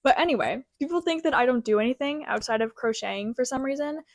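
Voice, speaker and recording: A young woman with a slightly high voice chats casually to camera from her childhood bedroom. She is an animated storyteller who leans on fillers as she goes. The sound is close and dry, with no room around it. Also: fast talker, no room sound. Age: young adult. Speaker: crochet pattern designer.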